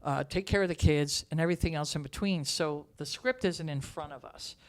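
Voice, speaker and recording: Her voice sitting low and her pace brisk, a theatre writer and director tells stories during a relaxed interview. She's expressive and emotional, at times sinking nearly to a whisper.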